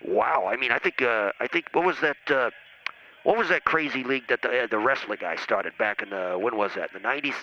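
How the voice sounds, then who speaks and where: A man's voice: medium pitch, brisk, pushed and bright. A man calling in to a comedy show, rambling and needling, with many hesitant uhs. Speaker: phone-in guest. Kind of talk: comedic phone banter. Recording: muffled call-in line with faint noise.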